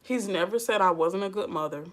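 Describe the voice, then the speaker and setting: A woman vlogs casual advice in a sassy, talkative way, laughing often as she goes. She speaks with a mid-range voice at a slightly quick pace.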